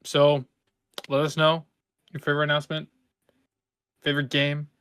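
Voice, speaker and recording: A young man hosting a casual podcast chat, groggy after oral surgery, loose and halting, laughing often. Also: fairly high pitch, monotone, a bit bright, clean tone. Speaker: podcast host.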